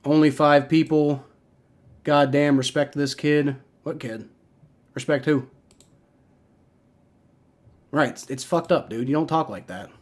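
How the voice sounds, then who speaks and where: Young guy going off on his livestream, swearing a lot, tripping over his words, kinda high voice. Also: fairly even intonation, slow pace, long pauses. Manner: heated, profane, repeats himself and restarts. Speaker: livestream host reacting to football. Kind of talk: casual live-stream rant.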